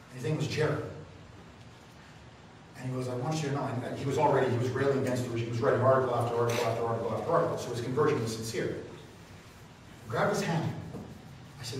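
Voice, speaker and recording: A man's voice: mid-range voice, fast, long pauses. Impassioned male talk host in an echoey hall. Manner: impassioned storyteller, rising to loud exclamations. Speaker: radio talk show host. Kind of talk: speaking to a meeting, answering questions. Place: meeting room. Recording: echoey hall, speaker far from mic, faint noise.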